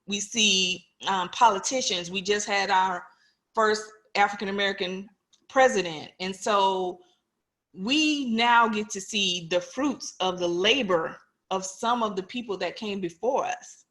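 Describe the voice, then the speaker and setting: A woman's voice: mid-range voice, measured pace, fairly bright tone. A woman in her forties, a police officer, giving an earnest, personal talk to an online audience and putting questions to them directly.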